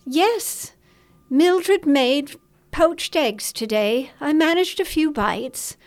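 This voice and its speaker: A woman's voice: high-pitched, animated, drawn-out words, voice pushed up, exaggerated voice. A woman narrator voicing a distraught, genteel older mother who cannot cope with her son's silence.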